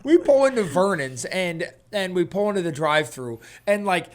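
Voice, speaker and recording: A man in his thirties co-hosting a podcast, telling a family story in a casual, animated way, often laughing and acting out what people said. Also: sits high, a little fast. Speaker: podcast co-host.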